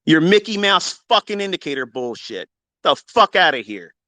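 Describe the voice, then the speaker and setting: A man's voice: fairly high pitch, very animated, moderate pace, dry recording. Profane, blunt middle-aged man ranting. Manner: profane, blunt, swings into heated yelling. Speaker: trading mentor. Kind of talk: unfiltered live audio-room rant. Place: home basement.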